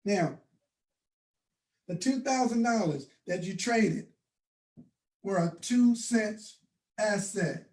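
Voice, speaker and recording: Emphatic man pitching to a crowd. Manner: emphatic, preacher-like, with bursts of shouting and slow stressed phrases. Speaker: presenter. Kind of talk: motivational sales talk to an audience.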